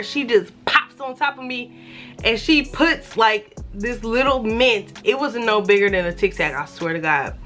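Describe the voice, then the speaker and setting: Young woman, storytime vlog, casual and profane, bright sound, low background music. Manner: animated, profane storytelling with quoted voices. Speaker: vlogger.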